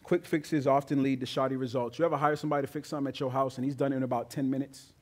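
A male pastor preaching a sermon with emphatic delivery that builds to loud, high peaks. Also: fairly even intonation, very fast.

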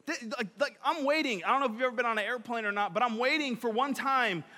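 A young male preacher with a notably high, bright voice talks his way through an energetic, chatty sermon. He drops and raises his volume often, and a long reverb fills the large hall around him. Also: quick pace. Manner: chatty, many fillers, swings between loud and quiet.

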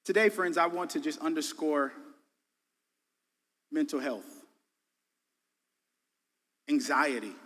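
A man preaching a sermon as a guest pastor, emphatic and casual, swinging between loud bursts and quiet drops. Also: on the high side, expressive, slow pace, long pauses, big-room sound. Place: church sanctuary.

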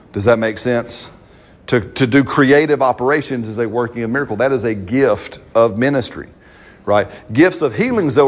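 Conversational pastor preaching. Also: male voice, mid-range voice. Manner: conversational preaching, frequent "right?" checks. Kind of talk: sermon.

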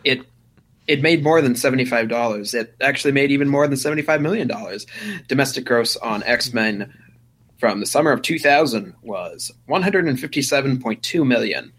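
A man's voice: medium pitch, lively intonation, moderate pace, a bit bright. A man co-hosting a casual movie chat, reading box office figures in a wry, matter-of-fact way. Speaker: podcast co-host.

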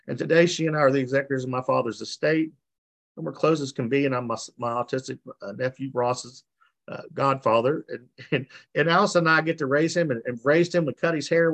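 A middle-aged man with a gravelly, fry-laden voice shares his recovery story over a video call. He speaks at a middle pitch and talks earnestly, circling back and repeating phrases. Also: a little fast, fairly bright tone. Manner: earnest, repetitive, emotional storytelling. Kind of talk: personal testimony at a recovery meeting.

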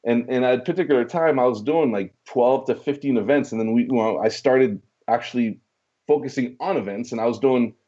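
A man's voice: mid-range voice, fairly quick, breathy edge, lo-fi sound. A man in a casual interview, telling a long story from his past, stumbling over repeated words and acting out the dialogue. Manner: animated storyteller, many restarts and repeated words, acts out quoted dialogue.

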